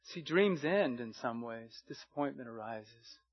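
A man's voice: medium pitch, lively intonation, measured pace, slightly rough, muffled recording. A man preaching a sermon as pastor, earnest and fond of repeated rhetorical questions.

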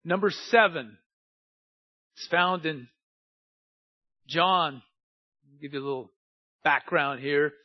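A male pastor delivering a sermon in a high voice. He swings between loud, urgent appeals and quiet, drawn-out phrases. The recording sounds dull and lo-fi.

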